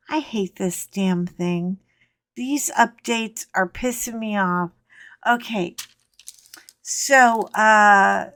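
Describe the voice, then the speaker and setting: A woman's voice: fairly high pitch, no room sound, clean studio sound. A middle-aged woman hosting a coloring channel, telling a rambling story in a wry, casual way, with mild cursing and frequent "anyway" asides.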